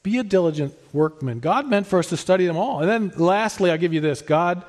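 A man preaching a sermon in an earnest, emphatic way, rising to stress his points and then dropping soft. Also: high voice, animated, brisk. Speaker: pastor.

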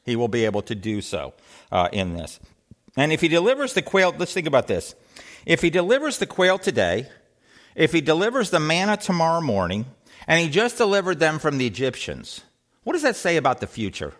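A man teaching a Bible study in a rising and falling, animated voice. He asks the group questions, restarts his sentences and acts out quoted speech. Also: a little high, fairly quick.

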